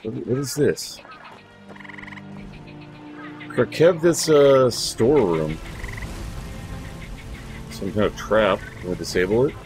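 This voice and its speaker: A man's voice: on the low side, unhurried, long pauses, darkish tone. A man hosting a let's play, giving casual gameplay commentary, chatty and swearing freely as he talks to his in-game companions. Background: video game music.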